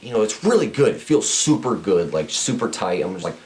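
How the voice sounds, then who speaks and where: A man's voice: fairly low pitch, big pitch swings, fairly quick, darkish tone. A young man telling a crude story on a podcast, blunt and profane, rambling with restarts. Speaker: podcast host.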